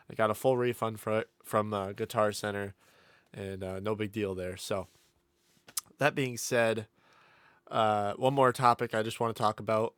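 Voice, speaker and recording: A lowish-voiced man hosts his own podcast from a home setup, talking loosely and rambling with lots of "uh"s and restarts. His voice sounds a little under the weather. He is close on a condenser mic, and the sound is dry with no room around it. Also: clean tone, dry recording. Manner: rambling, relaxed, many fillers and restarts. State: slightly sick voice. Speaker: podcast host. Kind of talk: casual solo podcast chat. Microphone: studio condenser microphone through a mixer.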